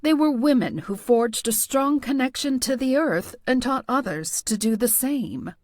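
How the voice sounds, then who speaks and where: Audiobook role: woman voicing a wise, patient tarot reader, calm and teasing, lively pitch, dry close sound. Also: unhurried, no echo. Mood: earnest. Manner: calm, knowing, lightly teasing. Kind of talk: audiobook character voice.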